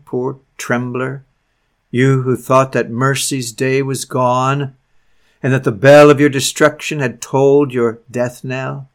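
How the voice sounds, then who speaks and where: Man, sermon reader, impassioned, loud stresses and hushed drops, mid-pitched. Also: flat delivery, slow pace. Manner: impassioned, swings between loud emphasis and hushed tones. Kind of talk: dramatic sermon reading.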